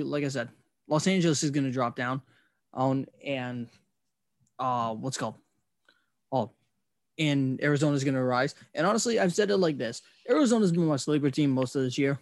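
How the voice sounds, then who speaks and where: An excitable man hosting a casual sports talk show, with a fairly high voice. He keeps circling back to the same catchphrases and drops the odd curse. The recording is dry and close. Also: dry recording.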